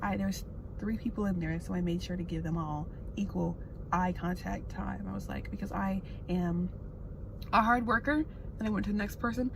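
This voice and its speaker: A woman in her twenties, a recent graduate, chatting candidly and excitably in a casual vlog, swearing casually as she talks to a phone camera in her parked car. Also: on the low side, a little fast, gravelly. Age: 20s. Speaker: vlogger. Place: parked car with the air conditioning running. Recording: phone audio with loud A C hum.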